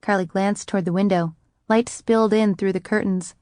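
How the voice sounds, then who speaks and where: A woman narrating a romance audiobook in a measured, even storytelling manner. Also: mid-range voice, no room sound, studio quality.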